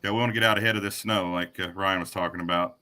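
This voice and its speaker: A man's voice: low-pitched, steady tone, very fast, bright, forceful tone. A man from the Kentucky area hosting a casual livestream interview, easygoing and folksy. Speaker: livestream host.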